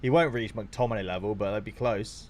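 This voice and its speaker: A young man with a fairly low voice, chatting casually to his live-stream audience as he watches football. He talks loosely and gets excitable, swearing freely along the way. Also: brisk, slight background noise.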